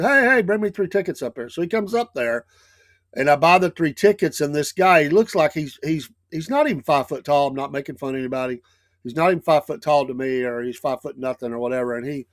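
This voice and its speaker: A middle-aged Southern man telling a long story in a casual, rambling way, voice sitting a little high for a man. He stops and restarts his sentences often. The sound is close and dry, with no room around it. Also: no echo. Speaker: show host.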